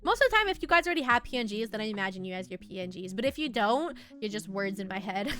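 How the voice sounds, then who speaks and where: Young woman, streamer, giggly, lively swooping voice, casual chat, faint music underneath. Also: mid-range voice, fast. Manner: bubbly, giggly, reads chat aloud.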